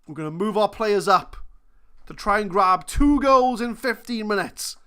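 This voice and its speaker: A woman hosting a gaming channel, commentating her football management game live, thinking aloud and swinging between muttering and shouting. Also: medium pitch, animated, normal speed.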